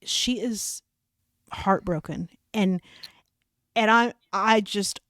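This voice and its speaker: A woman's voice: medium pitch, very slow, fairly bright tone, no echo. Middle-aged woman, podcast co-host, chatty storyteller, dry close sound. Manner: storytelling with laughs and restarts. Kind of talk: casual faith podcast chat.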